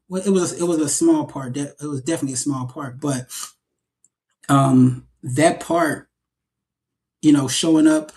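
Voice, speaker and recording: A young man with a slightly high voice tells his story in a relaxed interview. He is animated and often restarts or repeats words. His delivery is casual and conversational. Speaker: actor, interview guest.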